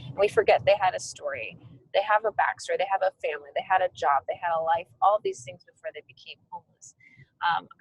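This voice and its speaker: A middle-aged woman, a nonprofit founder, telling stories in a lively conversational way and acting out the dialogue. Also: lowish voice, creaky, slight background noise, low-quality recording. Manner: animated, acts out quoted dialogue. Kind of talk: conversational storytelling.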